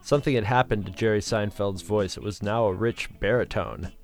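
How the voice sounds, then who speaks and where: A man's voice: lowish voice, a little fast, faint music behind. A man narrating a story as an audiobook, dry and matter-of-fact.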